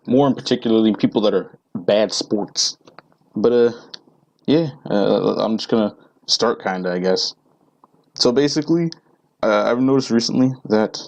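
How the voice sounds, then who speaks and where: A man's voice: lowish voice, darkish tone, rough recording. A teenage boy ranting casually to camera, rambling and profane with lots of fillers. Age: teens. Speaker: vlogger.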